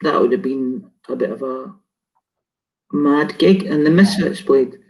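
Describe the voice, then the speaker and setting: A man's voice: mid-range voice, a little slow, creaky, a little mellow, muffled recording. A man co-hosting a casual chat, rambling and laughing as he loses his train of thought. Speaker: co-host.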